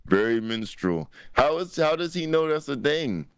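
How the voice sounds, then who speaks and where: A man's voice: a little high, sing-song, moderate pace, smooth, no room sound, clean studio sound. A man co-hosting a podcast in casual chat, blunt and emphatic, swearing freely. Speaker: podcast co-host.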